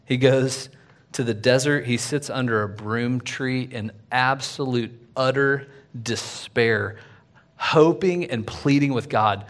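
A man preaching a sermon in a casual, conversational way, full of fillers and "right?", swinging from loud and lively to quiet. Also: mid-range voice, slow. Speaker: pastor.

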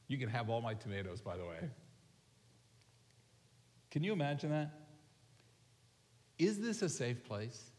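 A man's voice: medium pitch, unhurried, pauses often. Conversational man preaching in a reverberant hall. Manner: animated, conversational, asks the congregation questions. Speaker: pastor. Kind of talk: sermon. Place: large church sanctuary. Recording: long reverb of a large hall.

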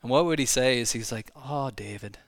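A man preaching a sermon in a church, talking conversationally with frequent asides and quick restarts. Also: mid-range voice, a bit bright, dry recording, clean studio sound. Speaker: pastor. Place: church sanctuary.

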